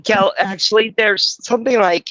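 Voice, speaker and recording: A man's voice: high voice, moderate pace, sharp tone, no echo, highs cut off. A man from California hosting a casual live chat, telling rambling stories and swearing freely. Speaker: host.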